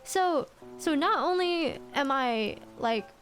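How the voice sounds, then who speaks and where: A young woman telling a story to her viewers, animated and rambling, repeating phrases as she goes. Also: high voice, takes it slowly. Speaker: streamer.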